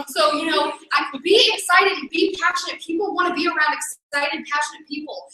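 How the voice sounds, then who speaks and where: Her voice high-pitched and a little fast with few pauses, a woman leads a team meeting as a network marketing team leader. She speaks straight to the audience with upbeat energy and motivation, recorded from a distance in an echoey meeting room.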